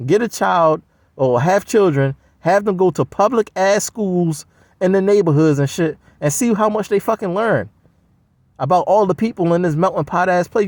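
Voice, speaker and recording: High, gravelly man ranting. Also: dry recording. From United States. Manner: blunt, heavily profane, scoffing. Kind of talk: profane solo rant.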